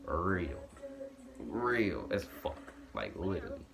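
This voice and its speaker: A young man telling a true story in casual, slangy talk full of repeated fillers, acting out his own past lines in a much higher, louder, slower voice. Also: very animated, vocal fry, soft background music. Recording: faint background noise.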